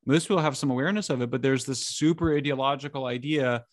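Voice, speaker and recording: A middle-aged man talking as an interview guest, animated and incredulous, speaking in bursts with frequent restarts. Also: medium pitch, fast, no room sound, studio quality. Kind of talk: conversational interview.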